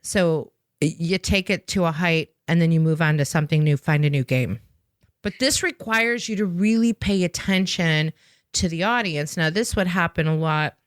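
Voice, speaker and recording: A woman's voice: on the low side, normal speed, no echo, studio quality. A woman, a sales trainer with an improv background, explaining with energy and emphasis, often tagging a questioning "right?" onto her points. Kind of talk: conversational podcast explanation.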